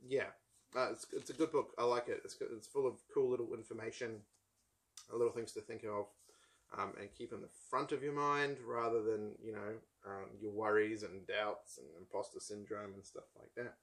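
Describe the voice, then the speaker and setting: A man from New Zealand with a New Zealand accent, hosting a casual book chat in a rambling, wry way, full of ums and asides. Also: mid-range voice. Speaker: book channel host.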